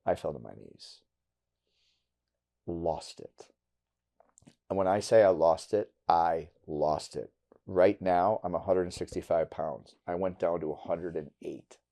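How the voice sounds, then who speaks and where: A middle-aged man from Wisconsin, a podcast guest telling a personal story candidly and bluntly, going quiet and halting on hard memories. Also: deep voice. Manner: candid and blunt, with casual swearing.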